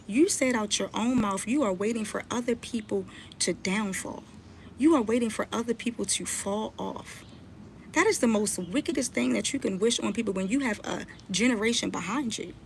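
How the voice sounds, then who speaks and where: A woman's voice: fairly high pitch, creaky, a little hiss or hum. A woman blogger and mother ranting on a live stream, scolding and confronting someone she is talking about. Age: adult, mother.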